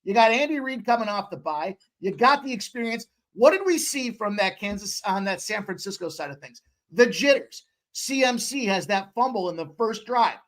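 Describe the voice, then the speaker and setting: A man co-hosting a live sports betting show, arguing his picks in an animated, profane way. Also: sits high, normal speed, hardly any pauses. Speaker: sports talk show co-host. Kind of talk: casual sports betting chat.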